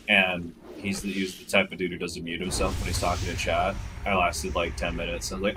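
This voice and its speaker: Low-voiced young streamer dude, swears a lot, does goofy high voices of other people, faint room hum. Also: male voice, animated, normal speed, few pauses. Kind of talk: casual chat between gamer friends.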